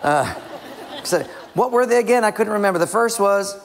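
A man's voice: sits high, expressive, moderate pace, gravelly, some chatter behind. A man preaching a sermon, emphatic and direct with his listeners. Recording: long reverb in a large hall.

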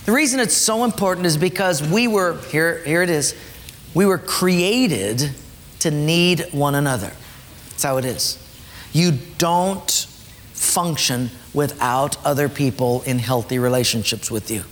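A male preacher with a high voice delivers a sermon, pressing his points and letting his voice sink low for emphasis. His words ring out with a long echo through a church hall. Faint room noise sits under the sound. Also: expressive, unhurried. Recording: echoey hall, faint ambience.

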